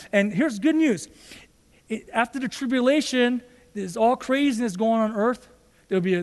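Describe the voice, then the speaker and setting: High-voiced man preaching in an echoey hall. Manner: animated preaching, acts out quoted speech. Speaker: pastor. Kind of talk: sermon.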